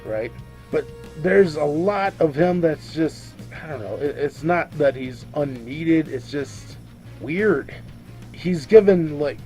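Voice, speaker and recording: A man's voice: a little high, dark tone. A drunk man giving a casual video review of a movie, rambling, swearing freely and tripping over his own words.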